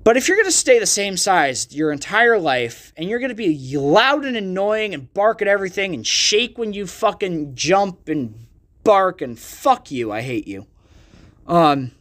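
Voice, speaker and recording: A man's voice: sits high, very animated, moderate pace, fairly bright tone. A young man hosting his own podcast, ranting casually and swearing a lot, self-deprecating and loose. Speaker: podcast host and magician. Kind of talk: casual solo podcast rant. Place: art gallery.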